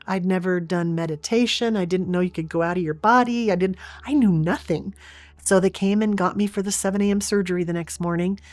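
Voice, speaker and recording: A woman's voice: fairly low pitch, a little fast, a little mellow, no room sound. A woman guest in an interview, earnestly and vividly retelling a personal experience.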